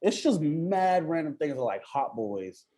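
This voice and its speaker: Laid-back slangy rapper guest. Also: male voice, fairly high pitch, big pitch swings, slow pace, dark tone. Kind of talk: casual chat.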